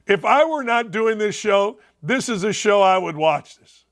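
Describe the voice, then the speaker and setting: Middle-aged male talk host, rambling and sarcastic, high pitched with a gravelly edge. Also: expressive, measured pace, fairly bright tone. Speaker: sports talk show host. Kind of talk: opinionated sports and politics talk show.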